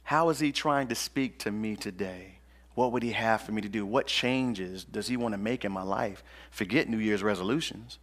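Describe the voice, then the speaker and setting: A man's voice: on the low side, fairly quick, fairly bright tone. A male pastor preaching a sermon in an emphatic, colloquial, slangy manner.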